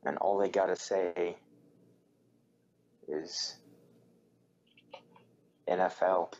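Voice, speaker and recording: Co-host, man with a low voice, halting and slow, muffled and faintly noisy recording. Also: steady tone, darkish tone. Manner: hesitant, halting, many fillers. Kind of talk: casual commentary. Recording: slightly dull recording with faint noise.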